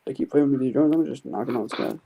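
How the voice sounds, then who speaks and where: Gravelly fast-talking brash man. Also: mid-range voice, highs cut off. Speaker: stream guest. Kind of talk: casual stream chat.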